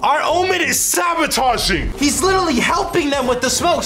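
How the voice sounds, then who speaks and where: A young man commentating his own gameplay, loud and excitable, yelping and joking as he gets shocked. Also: extremely high pitch, normal speed, hardly any pauses, over music. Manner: loud, excitable, yelps and jokes under shocks. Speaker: gaming YouTuber.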